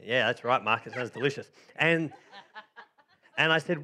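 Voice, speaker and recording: A man's voice: mid-range voice, moderate pace, pauses often, sharp tone. A man preaching a sermon, jokey and chatty, cheerfully directing volunteers through a story. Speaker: pastor. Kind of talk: sermon with playful reenactment.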